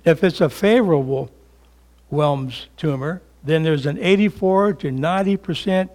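An older pastor with a fairly high voice delivers a slow, emphatic sermon. He climbs to fervent peaks, then drops to hushed tones.

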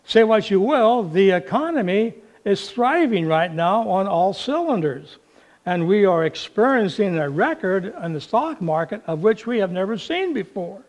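A male pastor preaching a sermon in an unhurried, folksy way, telling a story with fillers along the way. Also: high voice, sing-song.

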